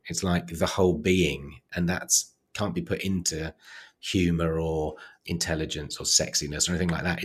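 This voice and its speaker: A man with an English accent, a guest in an interview, telling personal stories softly and haltingly, with frequent restarts. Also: low-pitched, husky. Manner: soft-spoken, halting, with many restarts and fillers. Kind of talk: reflective conversational storytelling.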